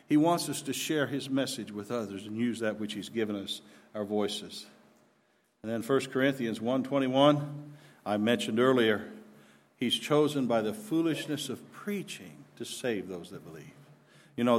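A man preaching a sermon, rising to loud emphatic declarations and then dropping back low.

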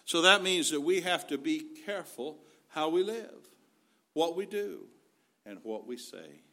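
A man's voice: on the high side, animated, a little slow, sharp tone. A man preaching a sermon in an earnest, folksy way, weaving in scripture.

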